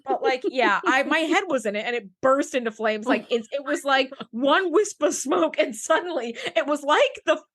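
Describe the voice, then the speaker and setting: Chatty woman podcast cohost, kinda high voice, says like nonstop, super animated. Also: moderate pace, few pauses. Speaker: podcast co-host. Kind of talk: casual chat recapping an episode.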